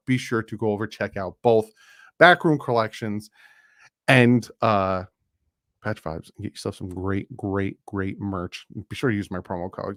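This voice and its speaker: A man hosts a casual live stream in a fairly low voice. He talks in a loose, chatty way, reading out viewer donations and rattling off sponsor plugs. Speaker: YouTube streamer and channel host.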